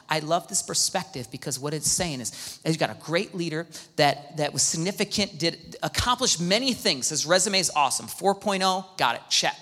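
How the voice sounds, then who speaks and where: A man's voice: fairly high pitch, lively intonation, fairly quick, sharp tone. A man preaching a sermon in a chatty way, acting out the quotes in shifting voices. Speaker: pastor. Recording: long reverb of a large hall.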